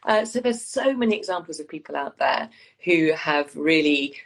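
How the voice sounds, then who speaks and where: A woman's voice: sits low, lively intonation, moderate pace. A woman co-hosting a podcast in casual chat, earnest and encouraging, speeding up as she lists examples. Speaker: podcast co-host.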